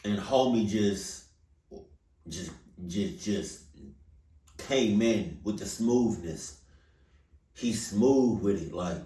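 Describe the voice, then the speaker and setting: A man's voice: on the low side, very slow, pauses often, recorded from a distance. A man hosts a reaction video, his voice leaping up and down as he stumbles over words and repeats himself. The sound rings around a bare, echoey room, and the mic sits a fair way off. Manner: animated, stammering, repeats himself. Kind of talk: casual reaction commentary.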